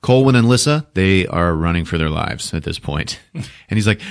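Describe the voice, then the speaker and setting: A man hosting a podcast, recapping a movie with lots of swearing and laughter, jumping into loud shouted character voices. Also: deep voice, expressive, moderate pace, creaky. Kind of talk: animated comedic movie recap.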